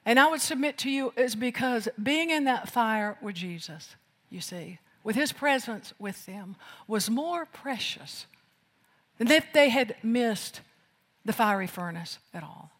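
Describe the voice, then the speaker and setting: A preacher delivering an emphatic sermon, moving from loud declarations to hushed lines. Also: medium pitch, lively intonation, a little slow. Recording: long hall reverb.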